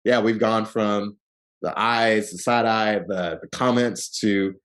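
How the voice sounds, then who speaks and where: A man from Seattle, a podcast guest, telling personal stories in a casual, relaxed way full of "like" and "um", acting out the people he quotes. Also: slow. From Seattle, Washington. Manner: relaxed storyteller who acts out quoted people with lively jumps in pitch; frequent fillers like "like" and "um". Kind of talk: casual storytelling interview.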